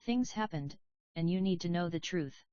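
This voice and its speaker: A woman voicing a frightened but gentle teenage boy who stammers, read at a low pitch. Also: lively intonation, moderate pace, smooth, no echo, close to an everyday voice. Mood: worried. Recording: dry, slightly dull audio.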